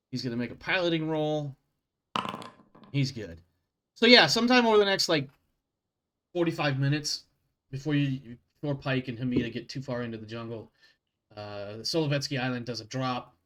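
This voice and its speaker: A man running a tabletop role-playing game, narrating events casually with quick self-corrections and laughs. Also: mid-range voice, fairly bright tone. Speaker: game master.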